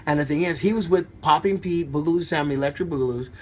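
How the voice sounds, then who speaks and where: A middle-aged man, a dancer, telling stories casually in an animated, excited way and acting out other people's voices. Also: a little high, quick pace, a little hiss or hum. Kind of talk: casual storytelling.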